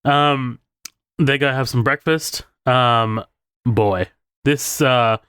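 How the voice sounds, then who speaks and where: A man's voice: medium pitch, slow pace, fairly bright tone, smooth, dry recording, clean studio sound. A man co-hosting a podcast, chatting casually about a movie, swearing freely and laughing often. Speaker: podcast co-host.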